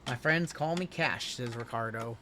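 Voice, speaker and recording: A man's voice: mid-range voice, moderate pace, sharp tone, slight background noise. A man hosting a live card-break stream, calling out each pull in an upbeat, chatty, teasing way.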